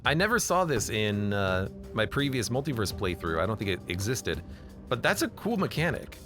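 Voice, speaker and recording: A man streams a video game and reads its text aloud, cracking jokes as he goes. His pitch swings a lot as he talks. Faint music plays underneath. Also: sing-song, normal speed. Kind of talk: casual gameplay commentary.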